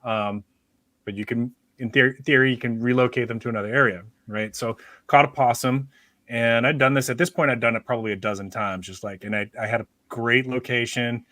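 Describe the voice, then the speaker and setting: A man's voice: medium pitch, fairly even intonation, fairly quick, sharp tone, no echo, studio quality. A man hosting a podcast, telling a rambling, joking story in casual chat with many restarts. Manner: rambling, self-interrupting, joking. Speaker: podcast host.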